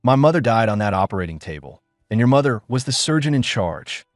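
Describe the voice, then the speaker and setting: A man's voice: mid-range voice, very animated, fairly quick, no room sound, clean studio sound, faint music behind, lightly acted. A man voicing a cold, scornful young wife who talks with sneering contempt. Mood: venomous.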